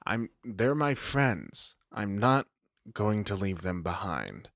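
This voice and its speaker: A man's voice: on the low side, big pitch swings, slow, gravelly, fairly bright tone, no room sound, clean studio sound, pitched below the performer's own voice, heavily acted. A man voicing a newly turned young male vampire who stammers in an exasperated, defiant way.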